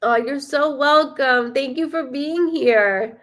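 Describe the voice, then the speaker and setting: A woman's voice: high-pitched, slow pace, fairly bright tone. A woman hosting a live stream as a psychic medium, chatting casually, greeting viewers by name and swearing freely.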